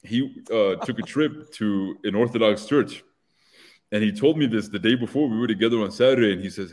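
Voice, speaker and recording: A male host with a fairly low voice tells a casual story. He talks in a chatty way and acts out each quoted exchange as he goes. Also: a little fast, darkish tone. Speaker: show host. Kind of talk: casual anecdote telling.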